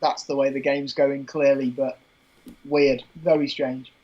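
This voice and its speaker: A man's voice: medium pitch, level tone, measured pace, dark tone, lo-fi sound. A man co-hosting a live football watchalong, chatting in a rambling way with plenty of fillers. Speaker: co-host.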